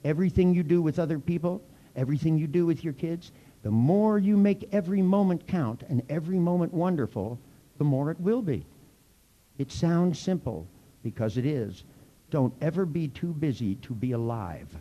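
A man's voice: fairly high pitch, expressive, normal speed, muffled recording. A man leading a live workshop, teaching in a playful, teasing way full of mock threats. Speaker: workshop leader.

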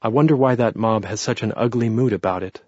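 A man's voice: on the low side, brisk, a little mellow, slightly rough, no room sound, muffled recording. A man reading an earnest young man. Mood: reflective. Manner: earnest, reflective.

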